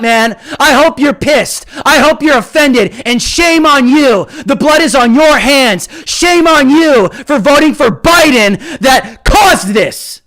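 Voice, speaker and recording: A man hosting a live stream, ranting about politics with heated passion, often shouting and taunting his viewers. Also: very high voice, expressive, unhurried, hardly any pauses. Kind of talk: political commentary rant.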